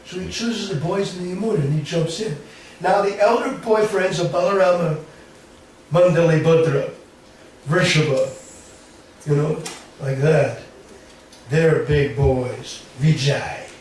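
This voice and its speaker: A man, a swami, telling a devotional story in an animated, laughing way. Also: on the high side, measured pace. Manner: animated, laughing, acts out voices. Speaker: swami, spiritual teacher. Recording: very echoey hall, distant mic, faint hiss.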